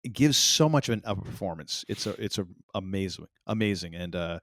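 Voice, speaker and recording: Man, older, rambling, animated, lively intonation, dry close recording. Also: low-pitched, fairly quick, no room sound. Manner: rambling, animated storyteller with many restarts. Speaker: podcast co-host. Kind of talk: casual chat.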